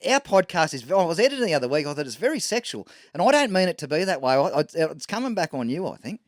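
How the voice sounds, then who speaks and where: A man's voice: fairly high pitch, very animated, dry recording, studio quality. Aussie bloke podcast cohost, cheeky and teasing, lots of swing in his voice. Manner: cheeky, teasing, quick jokes. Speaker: podcast co-host. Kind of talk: casual chat. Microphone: studio microphone.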